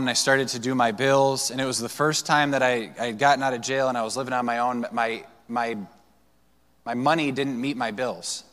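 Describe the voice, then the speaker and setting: A man's voice: mid-range voice, fairly bright tone. A male pastor preaching a sermon, telling personal stories in a loose, conversational way with fillers and restarts. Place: church sanctuary. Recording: long church hall reverb.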